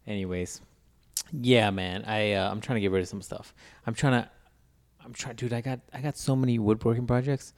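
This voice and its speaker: A man's voice: on the low side, steady tone, moderate pace, darkish tone. A man in casual chat as co-host, laid-back and slangy, laughing often.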